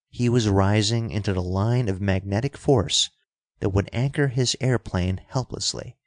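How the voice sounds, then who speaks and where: A man reading an adventure story aloud as a narrator, in a steady, measured way. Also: lowish voice, no echo, studio quality. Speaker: audiobook narrator. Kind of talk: scripted narration.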